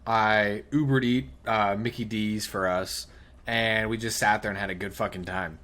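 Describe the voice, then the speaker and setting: A man's voice: fairly low pitch, steady tone, moderate pace, fairly bright tone. A man co-hosting a casual podcast, laid-back, with short replies and casual swearing. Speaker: podcast co-host.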